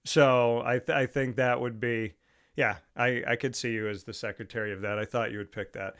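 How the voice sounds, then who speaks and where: A man's voice: medium pitch, fairly even intonation, normal speed, a bit bright, clear, resonant tone. A man hosting a casual sports talk show, chatting easily and often repeating words as he starts a thought. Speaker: podcast host.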